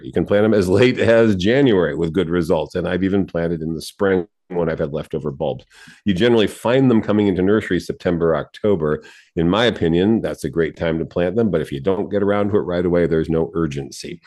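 A man with a very low voice co-hosts a radio garden show. He explains things in a friendly, easygoing way and chuckles now and then. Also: darkish tone. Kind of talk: radio garden advice chat.

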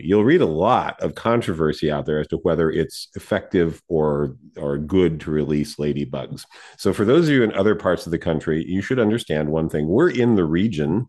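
A man co-hosting a casual radio garden show, explaining things in a relaxed way with the odd chuckle. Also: low-pitched. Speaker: radio garden show co-host, garden center owner.

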